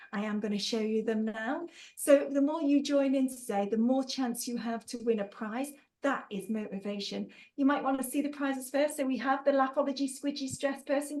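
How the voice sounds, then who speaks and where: Bubbly woman trainer, slightly high voice, chatty webinar host who teases her audience. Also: darkish tone, poor audio. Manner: bubbly and playful, laughs often, teasing asides. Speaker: trainer hosting an online workshop. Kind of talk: chatty live webinar, reading out chat replies.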